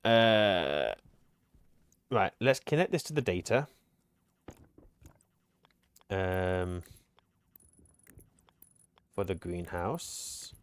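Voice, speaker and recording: A deep, smooth, slightly bright male voice with no echo belongs to a gaming streamer. On stream in a co-op game, he chats casually, thinks out loud and jokes with his partner.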